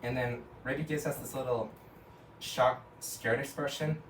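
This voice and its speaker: A man's voice: mid-range voice, steady tone, unhurried, slight background noise. A man casually retelling a cartoon episode scene by scene, rambling with lots of "and then" and "like". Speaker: storyteller. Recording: echoey room, from a distance.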